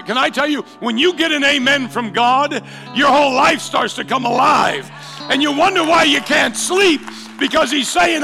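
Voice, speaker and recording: Pastor, male, high raspy voice, shifts from soft to shouting, hall reverb and live band underneath. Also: normal speed, soft background music. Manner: swings from quiet and low to loud shouting. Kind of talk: sermon. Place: church hall.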